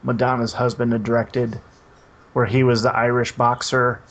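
Man, mid-pitched, rambling podcast co-host, halting with lots of "uh". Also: flat delivery. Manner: hesitant, many restarts and "uh". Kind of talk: casual podcast chat.

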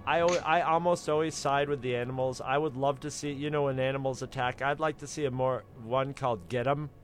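A man's voice: mid-range voice, fairly even intonation, fairly quick, soft background music. A man chatting casually in a movie commentary, telling rambling, profane stories and laughing often.

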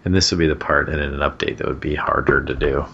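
A man's voice: very deep voice, fairly even intonation, quick pace, gravelly, a bit bright, husky, faint music behind. A man co-hosting a casual film commentary, joking and laughing often. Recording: dull lo-fi audio with faint hiss.

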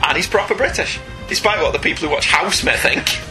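A man's voice: a little high, animated, fairly quick, music in the background. A man co-hosting a comics podcast, chatty and jokey, laughing often as he reads listener emails. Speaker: podcast co-host. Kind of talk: casual chat, reading listener emails.

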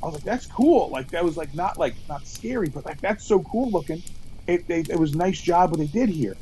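A man's voice: on the high side, a little fast, slight background noise, low-quality recording. A man co-hosting a podcast, telling a story animatedly among friends at a campfire, stumbling over restarts. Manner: animated storyteller, acts out quotes, stammers on restarts. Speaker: podcast co-host. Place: outdoors at a campfire.

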